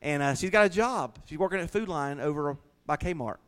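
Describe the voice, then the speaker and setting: A man's voice: fairly high pitch, lively intonation, normal speed, fairly bright tone, clear, resonant tone. Folksy man preaching. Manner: folksy, joking, laughs often. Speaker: pastor. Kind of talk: sermon. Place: small church.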